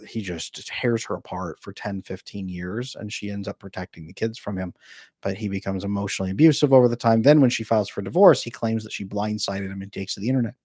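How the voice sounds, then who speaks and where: A man's voice: on the low side, a little mellow, no room sound, studio quality. Joking man hosting a relationship Q&A. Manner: joking, chatty, quick to laugh. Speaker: relationship coach hosting a live Q&A. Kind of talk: casual livestream chat, reading viewer comments. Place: home room with a bookshelf behind him.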